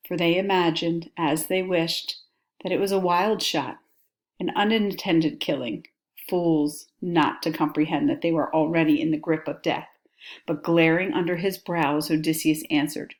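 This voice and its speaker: A woman's voice: lowish voice, fairly even intonation, measured pace. A woman teacher reading a text aloud and explaining it in a casual, chatty way.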